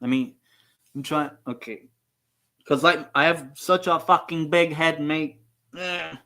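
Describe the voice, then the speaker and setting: A man's voice: fairly high pitch, fairly even intonation, measured pace, bright, forceful tone. A man hosting a live football watchalong stream, chatting casually in a rambling, profane, self-mocking way.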